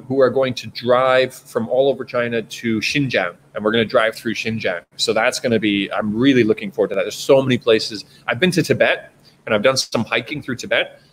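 A man's voice: on the low side, a bit bright, a little hiss or hum. A man with a Canadian accent hosting a casual live stream chat, rambling with plenty of fillers and restarts. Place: home in China.

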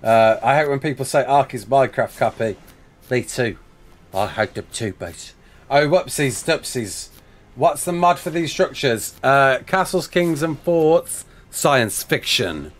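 A man's voice: mid-range voice, lively intonation, a little slow. A young man live-streaming a building game, chatting casually, reading out chat messages and talking himself through each step.

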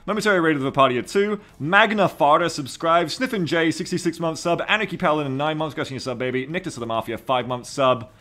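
A man's voice: fairly high pitch, quick pace, hardly any pauses. A man streaming a game and casually thanking subscribers and donors by name. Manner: thanking donors warmly, reading names. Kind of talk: casual live-stream chat.

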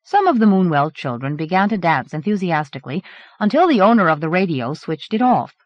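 A woman's voice: on the low side, brisk, dry recording. A woman narrating a horror novel as an audiobook, from a dull 1980s cassette recording. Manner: expressive storytelling. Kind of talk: scripted narration.

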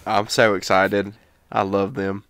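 Gravelly young man bantering playfully. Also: lowish voice, flat delivery, unhurried, fairly bright tone, no echo. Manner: playful, laughing, profane banter. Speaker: podcast co-host. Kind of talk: casual chat.

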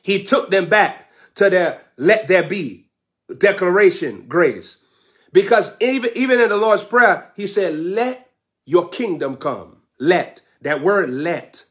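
Fervent high-voiced male preacher. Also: a bit bright. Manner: fervent, repetitive declarations, speaks in tongues. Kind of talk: sermon.

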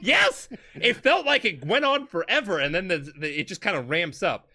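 A tipsy man hosting a podcast, telling a story in a casual, profane way and jumping into shouted character voices. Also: sits high, animated, normal speed. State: drunk. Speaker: podcast host.

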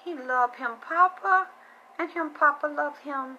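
A woman with a bright, sharp-edged voice hosts a casual live-streamed psychic reading. She talks bluntly and loosely and swears freely, and she keeps thanking her viewers by name between her points. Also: high-pitched, measured pace, lo-fi sound.

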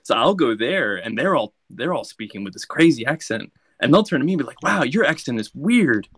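A man's voice: mid-range voice, sing-song, a little fast, fairly bright tone, no echo. An American man chatting as a guest, friendly and telling stories with a laugh. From United States. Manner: friendly, storytelling, laughs while talking. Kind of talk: casual chat.

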